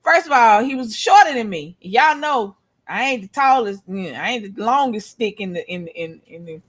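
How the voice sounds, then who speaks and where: A middle-aged woman, telling animated, profane stories in casual chat as a co-host. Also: medium pitch, normal speed. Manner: animated storytelling, blunt and profane.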